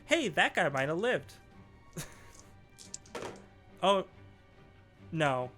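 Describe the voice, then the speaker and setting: A man narrating a tabletop game as game master, relaxed and laughing, with many fillers. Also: on the high side, extremely slow. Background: faint background music.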